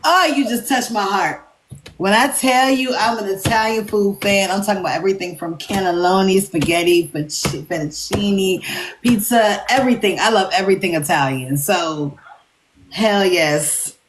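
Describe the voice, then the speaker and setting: A woman's voice: medium pitch, moderate pace, a little hiss or hum. A woman hosting a casual live interview, chatty and emphatic, laughing easily. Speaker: livestream interviewer.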